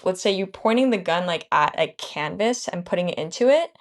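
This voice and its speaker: A young adult woman, a podcast guest, speaking softly and hesitantly with many fillers. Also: on the low side, expressive, fairly quick. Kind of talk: casual interview chat.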